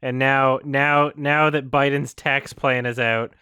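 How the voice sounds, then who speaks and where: Incredulous swearing man, bright voice. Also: mid-range voice, flat delivery, takes it slowly, clear, resonant tone, dry recording. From Canada. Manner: profane, incredulous, stammering restarts. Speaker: streamer host. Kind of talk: casual ranting commentary.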